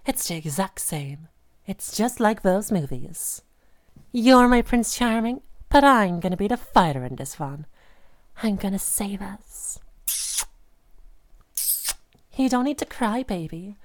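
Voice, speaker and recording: An unstable, possessive young woman, played by an actress in an audio role-play, whose voice lurches from soft cooing to sharp anger in an instant. Her pitch sits in an ordinary middle range, and her quieter asides turn breathy and hushed. She talks straight at the listener as if they were pinned in front of her. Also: lively intonation, a little slow, natural voice. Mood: sweetly obsessive. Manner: swings between sweet cooing and sudden rage. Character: volatile, obsessive young woman who holds her partner captive.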